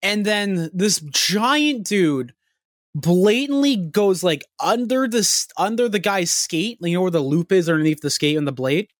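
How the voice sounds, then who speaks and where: Speaking unhurriedly in a high voice, a young podcast co-host spins a long, meandering story full of free swearing, getting worked up along the way. The delivery is animated and profane. It's a dry, studio-quality recording.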